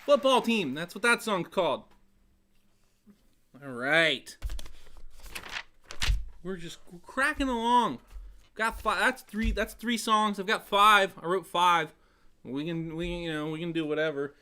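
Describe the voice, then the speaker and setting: A man's voice: high voice, unhurried, long pauses, sharp tone, slight background noise. A man hosting a casual web show, rambling with sarcastic jokes and frequent laughter. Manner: joking, sarcastic asides, laughs often. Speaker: host of a songwriting web show.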